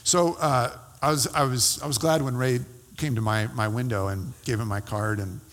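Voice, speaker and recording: Pastor preaching in a reverberant hall. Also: male voice, medium pitch, fairly even intonation, fairly bright tone. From California. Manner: conversational, halting with many fillers and restarts. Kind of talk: sermon with personal story.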